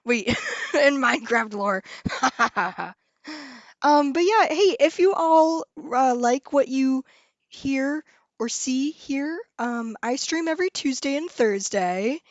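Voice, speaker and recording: A young woman chats with viewers on a live stream, bubbly and excitable, trailing off and laughing as she goes. Her voice sits a touch high. The sound is dull and lo-fi in a dry room with no echo. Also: takes it slowly.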